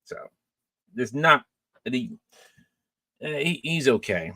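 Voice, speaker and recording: A man hosting a podcast, casually reading and answering live chat comments in a relaxed, rambling way with many fillers and restarts. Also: medium pitch, slow pace, no echo.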